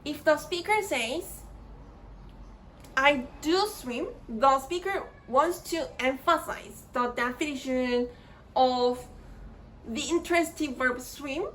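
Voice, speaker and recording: A high-pitched woman gives a grammar lesson at a very slow, measured pace. She halts often and repeats words while she works out her phrasing. A faint background noise sits under the voice. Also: fairly bright tone, poor audio. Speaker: grammar lecturer. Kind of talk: slow deliberate explanatory lecture.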